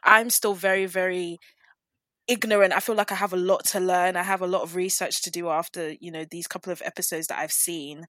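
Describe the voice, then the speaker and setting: A woman's voice: fairly low pitch, fairly even intonation, a little fast, a bit bright, no room sound. A woman chatting casually about a TV show, stressing her opinions by repeating words. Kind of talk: casual chat reviewing a TV show.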